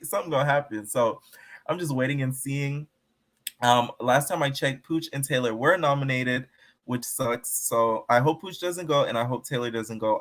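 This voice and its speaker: A man's voice: medium pitch, a bit bright. A man giving sassy, slangy commentary on a reality show in a casual vlog, gossiping and addressing his viewers directly.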